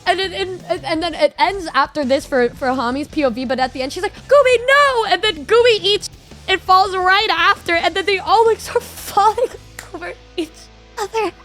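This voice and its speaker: A young woman streamer casually telling a story, excitable and laughing often, with lots of slang. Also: very high voice, normal speed, faint music behind. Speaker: VTuber streamer.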